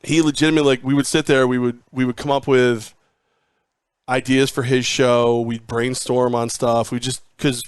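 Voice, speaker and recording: A man's voice: medium pitch, level tone, normal speed, clear, resonant tone, dry recording. Rambling male storyteller in a dry studio. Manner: rambling anecdotes, acts out quoted dialogue. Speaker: guest, former sports radio host. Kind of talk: casual interview storytelling.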